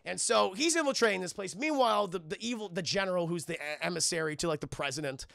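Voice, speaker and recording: A man's voice: high voice, animated, fast talker, creaky, a bit bright, no echo, studio quality. A young man streaming a casual spoiler film review to his live chat, rambling and sarcastic, swearing freely.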